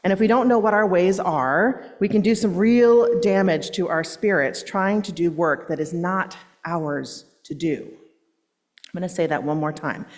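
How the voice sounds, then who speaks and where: Woman pastor, lowish voice, sermon storytelling, long church reverb. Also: unhurried. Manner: warm, self-deprecating storytelling with asides. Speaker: minister. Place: church sanctuary.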